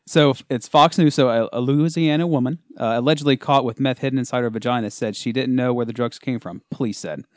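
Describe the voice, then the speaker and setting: A man's voice: mid-range voice, quick pace, hardly any pauses, darkish tone, no room sound, clean studio sound. Man reading news on a podcast. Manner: reads news articles aloud with stumbles. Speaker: podcast co-host. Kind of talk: casual podcast chat.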